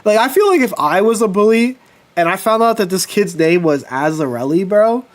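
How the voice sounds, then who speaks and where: A man chatting casually with his livestream viewers, telling personal stories with lively swearing. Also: sits high, normal speed. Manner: animated storytelling, swears casually. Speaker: streamer.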